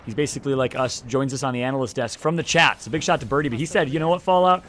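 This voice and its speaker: A man's voice: medium pitch, racing, fairly bright tone. A man with a Midwestern American accent doing chatty, joking color commentary on an esports match. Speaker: esports analyst and co-caster.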